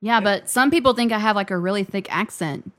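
A woman from Florida, a returning podcast guest, chatting casually and telling stories in an animated way. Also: medium pitch, fairly quick. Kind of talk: casual chat.

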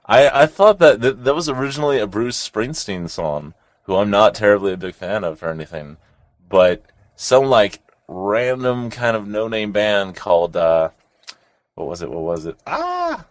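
A young man with a very low voice, chatting loosely as co-host on a show with callers. He rambles, restarts and swears offhandedly. The sound is close and dry. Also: moderate pace, no room sound. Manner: rambling, swears casually, animated laughs. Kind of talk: casual chat.

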